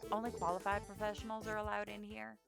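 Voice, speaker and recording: A woman voicing a pompous, arrogant male FBI agent in a put-on Southern accent, talking down to everyone in a brisk, boastful way. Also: mid-range voice, flat delivery, gravelly, over loud music, pitched above the performer's own voice, close to an everyday voice. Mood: smug.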